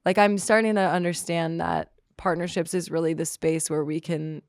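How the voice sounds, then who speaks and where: A woman guest on a podcast talking candidly and reflectively, pausing often and saying "like" a lot. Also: fairly low pitch, steady tone, no room sound, studio quality. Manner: reflective, halting, heavy use of "like". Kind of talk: candid conversational interview.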